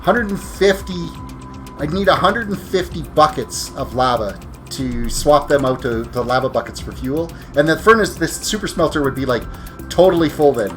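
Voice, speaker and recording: A man's voice: a little high, normal speed, fairly bright tone, soft background music. A tired man streaming a video game live, chatting casually with viewers, rambling and correcting himself as he plays. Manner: rambling, self-correcting, talks while playing. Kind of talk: casual gameplay commentary.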